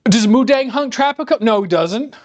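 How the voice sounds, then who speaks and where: A man's voice: very high voice, lively intonation, moderate pace, darkish tone, no echo, muffled recording. A man rambling sarcastically and animatedly in casual chat while he cooks live in his home kitchen. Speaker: live-streaming home cook. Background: faint music.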